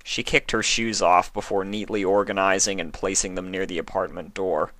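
A man narrating a story in audiobook style, calm and even. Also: deep voice, moderate pace, dry recording. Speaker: story reader.

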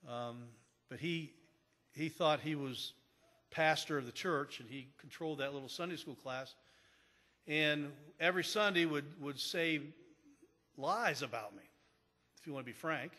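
The pastor's voice is a little high, bright and forceful, and he speaks unhurriedly with long pauses. He preaches a sermon in a church sanctuary, telling stories conversationally and often restarting, under long hall reverb.

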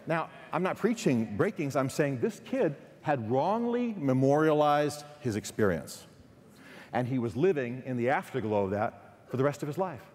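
Male preacher, texan accent, lively storyteller, mid pitch, long hall echo. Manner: storytelling, animated, quick asides and restarts. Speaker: guest speaker. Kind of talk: chapel sermon. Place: large hall.

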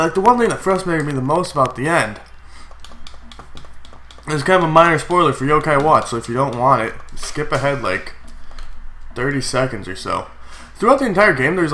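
A young man with a stuffy, congested cold voice gives chatty, excitable commentary while playing a game, with sudden yelps. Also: on the high side. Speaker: gaming YouTuber. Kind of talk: casual Let's Play commentary.

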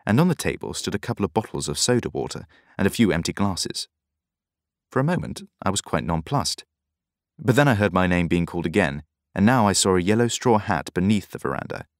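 Deep-voiced male audiobook narrator. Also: animated, a little fast, no echo, studio quality. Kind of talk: scripted first-person narration.

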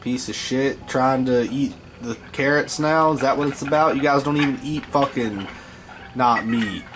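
A man's voice: mid-range voice, moderate pace, noisy background. A man giving profane, scolding commentary while playing a video game. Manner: foul-mouthed, scolding the game creatures. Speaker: gameplay host.

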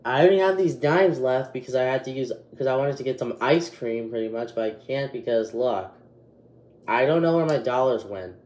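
A man's voice: medium pitch, normal speed, darkish tone. 12 yr old boy vlogging, all worked up, keeps restarting sentences, echoey room. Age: 12 years old. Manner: agitated, rambling with many restarts. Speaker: youtube channel host. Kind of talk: casual vlog.

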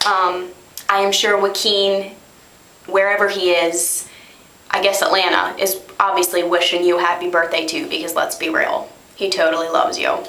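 A young woman gushing through an excitable, slightly awkward birthday message to a friend. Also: on the low side, moderate pace, echoey room. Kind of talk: casual to-camera birthday message.

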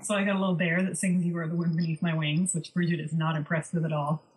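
Speaking fast in a fairly low, flat voice with little pitch movement, a woman co-hosts a podcast and shares stories. Her casual chat is wry and chatty, and the recording is low quality.

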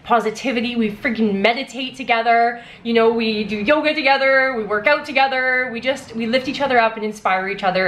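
A young adult woman vlogging as an author, gushing and breathless with excitement as she talks and reads aloud. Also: on the high side. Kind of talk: excited vlog unboxing and reading aloud.

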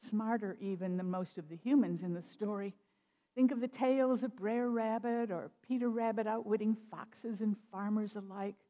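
A woman minister delivers a sermon with measured, expressive pacing, her voice mellow and relaxed. The sound carries a long reverb from the church around her. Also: medium pitch. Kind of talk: sermon with storytelling. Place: church sanctuary.

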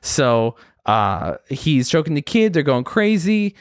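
A young adult man, a guest comedian, telling a story in casual chat, animated and swearing freely as he acts out voices. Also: a little high, slow pace, dry recording, clean studio sound.

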